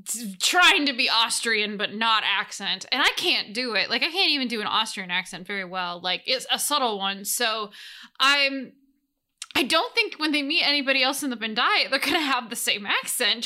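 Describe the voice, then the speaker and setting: Bright-voiced chatty woman game master. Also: fairly high pitch, expressive, moderate pace. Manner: rambling and chatty, many restarts, laughs often. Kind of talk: casual solo recap.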